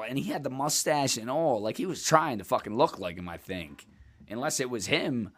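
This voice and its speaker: A man's voice: medium pitch, animated, normal speed, a bit bright. A man hosting a podcast, telling stories in a rambling, profane, casual way and laughing often. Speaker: podcast host.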